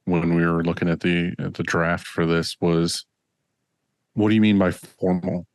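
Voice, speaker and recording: A laid-back man co-hosting a podcast, swearing freely as he talks. His voice is very low and flat, with little rise and fall. The sound is dry, right on the mic. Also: unhurried, dry recording. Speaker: podcast co-host. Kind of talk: casual podcast chat.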